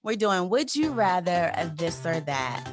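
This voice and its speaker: Lively, expressive woman interview host. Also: lowish voice, a little slow, faint music behind. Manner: expressive, playful, encouraging. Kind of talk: casual conversational interview.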